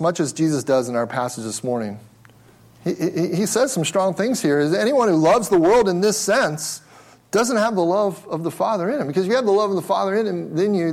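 A man's voice: sits high, vocal fry. A male pastor preaching a sermon with emphasis, asking questions and repeating words as he restarts.

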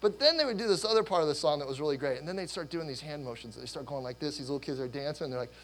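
A middle-aged pastor preaches with animated energy, wandering off into stories and laughing as he talks. His voice sits a little high for a man and is going hoarse from use, and a faint electrical hum runs underneath. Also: racing, hardly any pauses, rough recording. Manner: animated, rambling with restarts and laughter. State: losing his voice. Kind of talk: sermon.

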